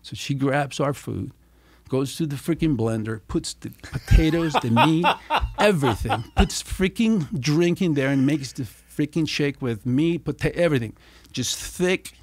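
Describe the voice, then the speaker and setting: Gravelly middle-aged man telling stories. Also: a little high, a little slow, no echo. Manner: animated storyteller, swears freely, acts out quotes. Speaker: podcast guest. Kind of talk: casual storytelling.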